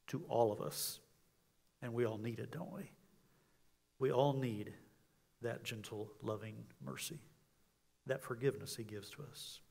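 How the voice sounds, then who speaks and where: A pastor preaching an earnest sermon in a church, swinging from emphatic peaks down to soft, quiet lines. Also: male voice, mid-range voice, gravelly, breathy edge. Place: church sanctuary. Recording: long hall reverb.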